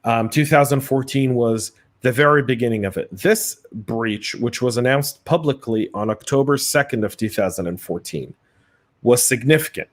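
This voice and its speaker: A man's voice: mid-range voice, moderate pace. A man with a Southern US accent co-hosting a live podcast, chatty and casual, often stammering on restarts. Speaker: podcast co-host.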